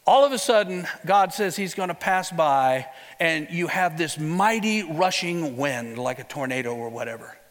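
A man preaching a sermon, retelling a story with lively rhetorical questions and a casual, conversational way of talking. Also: sits high, long reverb tail.

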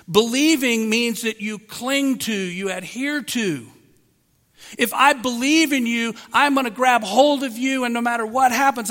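A man's voice: very high-pitched, bright, forceful tone. A man preaching a sermon to a congregation in a room, emphatic and often asking his listeners rhetorical questions. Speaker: pastor. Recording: long hall reverb.

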